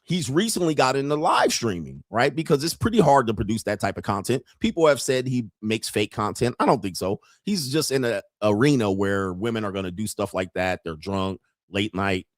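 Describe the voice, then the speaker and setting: A man hosting a commentary channel, telling jokey stories in a loud, profane, animated way. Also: fairly low pitch, a little fast, dry recording, clean studio sound. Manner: profane, joking, animated storytelling. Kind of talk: casual commentary.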